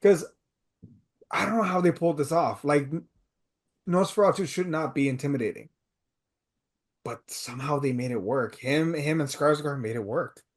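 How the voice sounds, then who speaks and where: A man's voice: fairly high pitch, normal speed, long pauses. A man co-hosting a podcast, chatting casually about a film with blunt, emphatic reactions. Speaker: podcast co-host. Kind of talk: casual film review chat.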